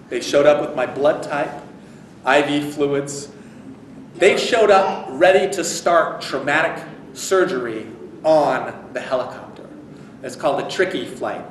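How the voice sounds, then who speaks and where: A man giving an inspirational speech at a convention, telling a personal story in a conversational and animated way. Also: mid-range voice, a little hiss or hum. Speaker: speaker at a convention. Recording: echoey hall, recorded from far off.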